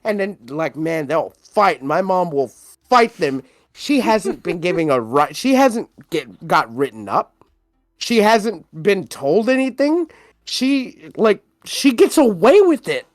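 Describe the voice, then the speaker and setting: A podcast co-host telling a story in casual chat, animated and profane, laughing often. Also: medium pitch, slow pace, dry recording, studio quality, faint music behind.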